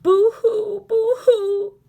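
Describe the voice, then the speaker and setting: A woman voicing a squeaky, mocking little male bat in a storybook. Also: level tone, very slow, mellow, heavily acted. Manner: high squeaky taunting.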